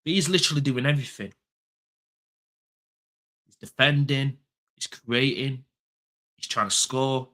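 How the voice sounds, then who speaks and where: Fired-up football fan, bright voice. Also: male voice, mid-range voice, a little slow, pauses often. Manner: passionate, blunt and sweary, repeats his points. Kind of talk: heated casual chat.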